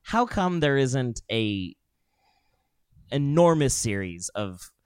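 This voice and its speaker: A man's voice: medium pitch, big pitch swings, slow pace, a little mellow, smooth, no echo, studio quality. A man hosting a podcast, chatting casually with sardonic, escalating riffs. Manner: riffing, sardonic, escalating rants. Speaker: podcast host. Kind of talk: casual chat.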